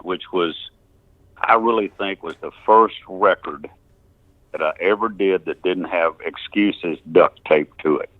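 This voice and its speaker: Speaking at a measured pace in a low voice, an older Texan musician shares his story in a casual interview over a tinny phone line with no room sound. He rambles, chuckles, and backs up to restart his sentences.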